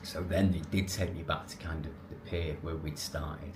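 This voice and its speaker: A man telling a personal story to camera in a casual, animated, rambling way, restarting and correcting himself. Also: rumbling low, normal speed, music in the background. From England. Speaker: vlogger.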